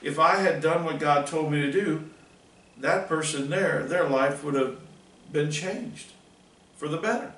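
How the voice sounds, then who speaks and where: A middle-aged man leads a catechism class in a folksy, earnest storytelling manner, his voice a touch high. He sounds set back from the microphone in a roomy, echoing space. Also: unhurried, a bit bright. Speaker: catechism teacher. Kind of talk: catechism class talk with personal anecdote. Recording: roomy, mic far off.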